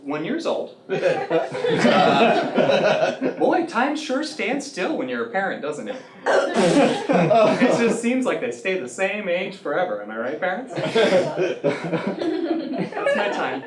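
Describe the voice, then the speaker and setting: A man playing a corny standup comedian who delivers dad jokes in a slow, drawn-out way. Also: sits high, big pitch swings, very noisy, exaggerated voice. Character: corny male standup comic, dad-joke teller. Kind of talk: comic sketch standup bit. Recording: echoey room from far off, loud crowd laughter.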